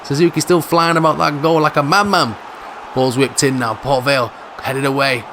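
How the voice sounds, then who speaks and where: A man commentates on his own football video game in a casual, jokey way. His voice sits fairly high and he talks with animated banter. A faint room ambience sits behind him. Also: normal speed, a little hiss or hum. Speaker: gaming video host.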